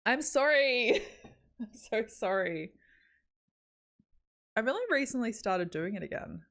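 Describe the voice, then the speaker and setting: A woman's voice: fairly high pitch, lively intonation, takes it slowly, a bit bright. A young Australian woman streaming live, chatting casually in a rambling, giggly way with lots of "like". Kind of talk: casual chat.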